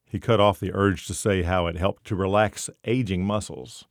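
A man narrating a short story in a measured storytelling manner. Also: low voice, steady tone, dry recording, studio quality.

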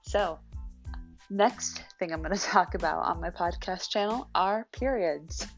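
A woman's voice: fairly low pitch, measured pace, vocal fry. A young woman talks in a loose, confessional way on her own podcast. She is blunt and cheerful, curses casually and laughs between thoughts. Faint music plays behind her. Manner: candid, swears freely, laughs often. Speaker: podcast host.

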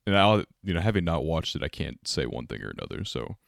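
Low-voiced young man, rambling podcast chat. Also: sing-song, fast talker, creaky, no room sound, clean studio sound. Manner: laid-back, rambling, frequent laughs. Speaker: podcast co-host.

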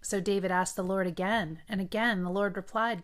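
Woman reading scripture, mid-pitched. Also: fairly even intonation. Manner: measured reading with brief asides. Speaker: Bible reading host.

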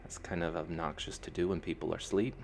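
A loud, brash young woman with a thick accent, teasing her friends , as a man reading an audiobook puts her on. The voice is pitched low and gravelly beneath the push, with a faint hiss behind it. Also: fairly even intonation, fast talker. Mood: wry.

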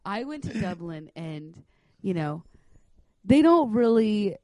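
A woman's voice: medium pitch, big pitch swings, slow, a loud crowd. A woman co-hosting a podcast in casual chat, playful and rambling as she tells a story. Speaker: podcast co-host.

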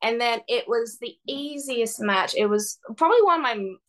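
A woman's voice: a little high, lively intonation, moderate pace, fairly bright tone. Bubbly laughing young woman. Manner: bubbly, laughs often, fond of exclamations. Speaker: wrestler guest. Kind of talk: casual podcast chat.

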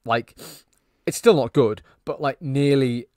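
A man's voice: medium pitch, unhurried, a little mellow, no echo, clean studio sound. A man co-hosting a casual film podcast, rambling and swearing as he laughs along. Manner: rambling, swearing, laughing at his own jokes. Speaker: podcast co-host. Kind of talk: casual film-review chat.

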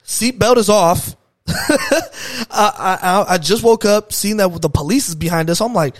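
A young man telling a story in a casual chat, animated and excitable, with heavy slang. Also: high voice, normal speed, dry recording. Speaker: podcast guest.

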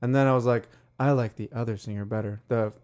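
Young man, casual co-host, agreeable, quick to joke. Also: mid-range voice, steady tone, darkish tone, clear, resonant tone. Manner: easygoing, agreeable, jokey asides. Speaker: podcast co-host. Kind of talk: casual chat.

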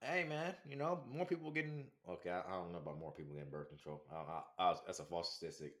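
A young man from California in casual chat, talking in a hesitant, halting way with many restarts. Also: low-pitched, fairly bright tone.

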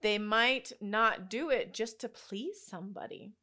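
A woman's voice: medium pitch, unhurried. A young adult woman hosting a casual solo podcast, telling stories with lots of laughter. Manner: animated storyteller, laughs often. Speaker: podcast host.

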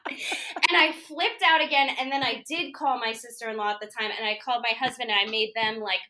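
A woman in her thirties tells a story in casual chat. Her voice sits high and bright. She gets animated, throws herself into the quoted lines, and laughs often. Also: fairly quick. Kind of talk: casual anecdote telling.

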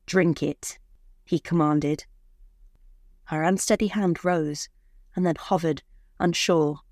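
Slow, low-voiced woman narrating a story. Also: steady tone, darkish tone, no room sound, studio quality. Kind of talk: scripted narration.

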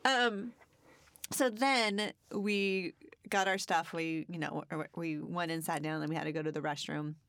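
Brief: woman podcast co-host, chatty storyteller, lower voice, dry recording. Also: fairly even intonation, a little slow, a bit bright, dry recording. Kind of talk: casual chat.

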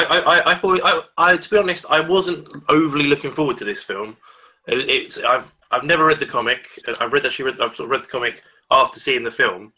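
A man's voice: medium pitch, pushed and bright, breathy edge. A man co-hosting a podcast, chatting casually about a film, often stumbling and restarting his sentences. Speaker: podcast co-host. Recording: dull lo-fi sound.

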